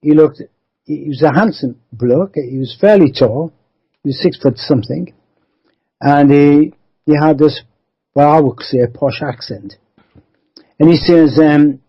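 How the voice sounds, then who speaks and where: A man's voice: on the high side, moderate pace, breathy edge, dull audio. A man, rambling through a life story as a radio interview guest, often adding 'you see'. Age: 70s.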